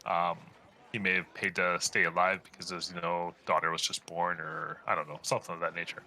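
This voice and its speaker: A man's voice: low voice, flat delivery, brisk, bright, forceful tone. A man playing a tabletop game, speaking hesitantly with many ums. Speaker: player. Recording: faint background noise.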